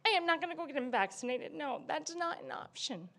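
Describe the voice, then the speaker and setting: A woman's voice: high voice, expressive, fairly quick, fairly bright tone. A middle-aged woman speaking as a parent at public comment, pleading and on the verge of tears.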